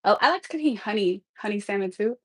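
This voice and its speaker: A woman's voice: medium pitch, expressive, fast, no room sound, low-quality recording. Chatty woman livestreaming from her kitchen, dry sound. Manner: chatty, laughs often, addresses viewers as "y'all". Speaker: livestream host. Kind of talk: casual livestream chat. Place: home kitchen.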